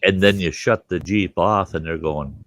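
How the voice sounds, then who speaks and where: A man's voice: low-pitched, moderate pace, fairly bright tone. A man hosting a casual livestream chat, laid-back and salty, joking with his guests. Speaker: host of the livestream.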